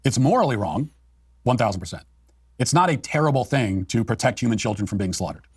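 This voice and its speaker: A man's voice: medium pitch, animated, brisk, slightly rough, no room sound, studio quality. A man giving political commentary as a co-host, in an emphatic, argumentative way.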